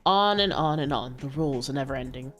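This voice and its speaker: A woman streamer reading a story game aloud, narrating in an expressive way. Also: rumbling low, fairly quick, soft background music.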